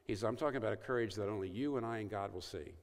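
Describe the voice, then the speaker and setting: A man's voice: fairly low pitch, racing. A man giving an evangelistic talk to a university audience, telling stories and acting out quoted lines. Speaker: speaker at a university event. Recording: reverberant hall.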